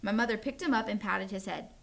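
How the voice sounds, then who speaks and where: A woman teacher reading a children's chapter book aloud to her students, in a friendly, animated storytelling way. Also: medium pitch, fast talker, creaky.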